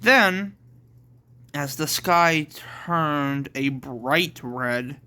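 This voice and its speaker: A man reads his own story aloud in a slow, plain way. His voice is bright and clear, sitting slightly high for a man. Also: animated. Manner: slow and plain, with self-corrections. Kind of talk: reading a homemade story aloud.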